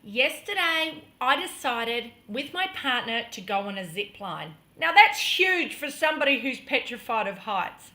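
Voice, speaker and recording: A middle-aged woman vlogger telling a personal story in an earnest, dramatic way, sometimes dropping to a hush. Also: fairly high pitch, big pitch swings, unhurried, few pauses. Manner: earnest, dramatic storytelling that drops to hushed tones.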